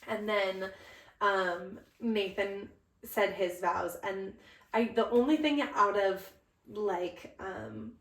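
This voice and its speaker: A young woman co-hosting a podcast, telling a story in a casual, animated way with lots of laughs. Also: medium pitch, takes it slowly. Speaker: podcast co-host. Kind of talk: casual chat. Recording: roomy, distant from the mic.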